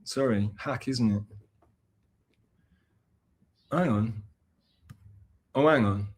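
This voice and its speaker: A man's voice: medium pitch, drawn-out words, breathy edge. A man livestreaming, chatting casually with his viewers in a rambling, self-mocking way. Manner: rambling and self-mocking, with many restarts and fillers. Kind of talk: casual livestream chat, reading and answering chat.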